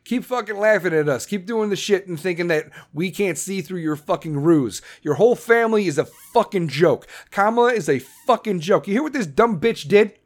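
A man hosting a podcast, ranting angrily and swearing constantly, with shouted bursts, then reading sponsor ads in the same blunt, profane way. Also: sits high, expressive, moderate pace, few pauses. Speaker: podcast host. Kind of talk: profane political rant and ad read.

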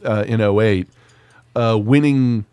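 A man's voice: on the low side, takes it slowly, darkish tone, clear, resonant tone, dry recording. Male podcast co-host, sarcastic and profane, laughs easily, dry studio sound. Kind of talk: casual chat.

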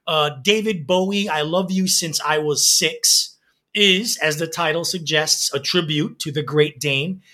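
A man's voice: fairly high pitch, a little slow, bright, forceful tone. A man co-hosting a music podcast, reading album reviews in a casual, enthusiastic way with frequent laughs.

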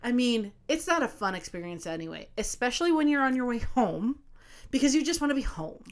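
A woman co-hosting a casual podcast spins a long anecdote, acting out her own lines and dropping swear words freely. Her voice sits a little higher than most women's. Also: a little fast. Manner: animated storyteller, swears freely, acts out what she said. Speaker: podcast co-host. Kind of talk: casual chat, storytelling.

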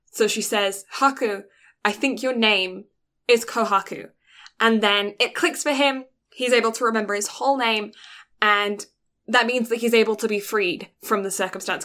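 Bright animated woman retelling a film. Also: mid-range voice. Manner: animated storyteller, quick quoted voices. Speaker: podcast co-host. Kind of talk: casual film recap chat.

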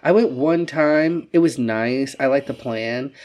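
A young woman chatting casually as a podcast co-host, animated and swearing a lot as she tells stories. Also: a little slow. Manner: animated storytelling, swears a lot, acts out quotes in a high voice. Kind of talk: casual chat.

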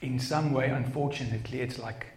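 A middle-aged male pastor with an Afrikaans accent, preaching in an earnest, personal way. His voice sits at an ordinary middle pitch. The sound is roomy, like a church hall. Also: steady tone, fairly quick, slight background noise. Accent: South African Afrikaans. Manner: earnest, personal storytelling with frequent restarts. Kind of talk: sermon. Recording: echoey room sound.

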